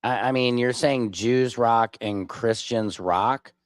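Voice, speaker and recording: A man's voice: mid-range voice, slow pace, no echo. Man reacting to chat on a livestream. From Minneapolis. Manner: reacts to clips and chat comments, argumentative, informal. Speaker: livestream host. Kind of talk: casual livestream commentary.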